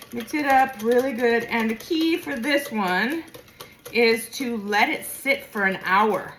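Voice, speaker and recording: A home cook with a General American accent, from the Midwest or West, rambles chattily while making food, thinking out loud for her casual cooking vlog. Her mid-range voice is a little bright, recorded with slight hiss or hum in an echoey kitchen full of clattering dishes.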